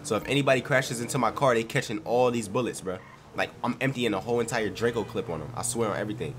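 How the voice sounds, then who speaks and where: A man's voice: medium pitch, quick pace, a little hiss or hum. A young man with a congested voice from a cold, giving slangy, hyped commentary over his gameplay. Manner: slangy, hyped, loud outbursts. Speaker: gaming streamer.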